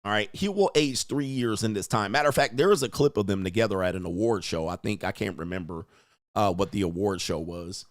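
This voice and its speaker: A man's voice: lowish voice, a little fast, no room sound, clean studio sound. A man hosting his own stream, giving blunt, mocking commentary while reacting to a clip. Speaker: host.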